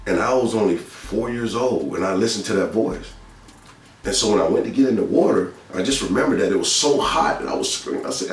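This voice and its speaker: A man's voice: fairly low pitch, expressive, a little fast. A man from Georgia, earnestly telling a spiritual testimony in a casual, storytelling way that repeats its phrases. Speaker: speaker sharing testimony. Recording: echoey room with faint music, mic at a distance.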